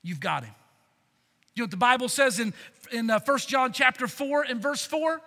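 A male pastor delivers a sermon with a high, ringing, very bright voice. He is emphatic and calls the crowd to shout back. A long hall reverb trails his words. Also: expressive, moderate pace. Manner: emphatic, calls for congregation response.

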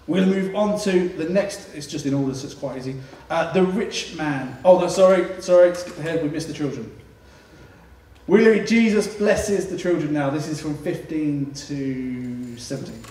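A man preaching a sermon, telling the story in an animated way with casual asides. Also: fairly high pitch, normal speed. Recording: echoey room, distant mic.

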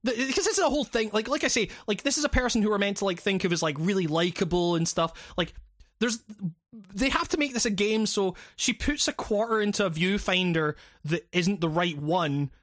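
A man talks through a game's story in loose, rambling chat, peppered with swearing and restarts. His voice sits high for a man. The recording is close and dry, with no room sound. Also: lively intonation, fairly quick, fairly bright tone, no echo. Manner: rambling, profane, with many fillers and restarts. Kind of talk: casual chat recapping a video game.

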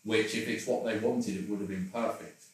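A man's voice: on the low side, steady tone, moderate pace. Rambling man, roomy distant recording. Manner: rambling, self-deprecating, laughs often. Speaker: interview guest. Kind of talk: candid personal conversation.

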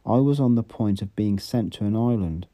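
Audiobook reader doing a tired sarcastic boss guy, low dark voice, slow and dry. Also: close to an everyday voice. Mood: measured. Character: sardonic, world-weary middle-aged male world controller.

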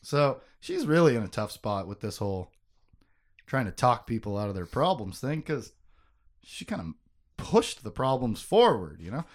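A man hosting a casual book-discussion podcast, recapping the story with jokes and quick asides. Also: medium pitch. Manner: animated, joking, quick asides. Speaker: podcast host.

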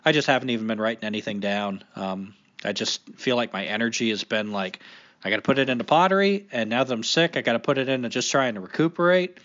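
A man's voice: medium pitch, animated, fast, a bit bright. A male podcast host with a cold, talking in loose, rambling casual chat full of fillers, in a middling voice. The recording sounds dull and lo-fi. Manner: rambling, many fillers and likes. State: has a cold.

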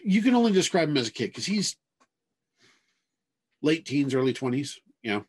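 A man's voice: a little high, very animated, slightly rough. A man narrating a tabletop game as game master, telling the scene with many hedges. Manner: drawn-out storytelling with many hedges.

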